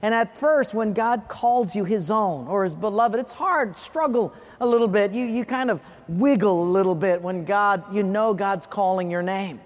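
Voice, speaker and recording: A man's voice: high voice, moderate pace, few pauses. A male pastor from Hawaii preaching a sermon, telling personal stories earnestly and repeating phrases for emphasis. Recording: echoey hall reverb.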